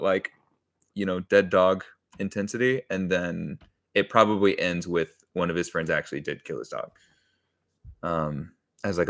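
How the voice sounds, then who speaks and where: Brief: fairly low male voice, relaxed rambling streamer, talks through his writing with the chat. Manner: thinks aloud, rambling, answers chat, chuckles often. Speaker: comedy sketch writer streaming live. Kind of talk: casual live-stream chat while writing.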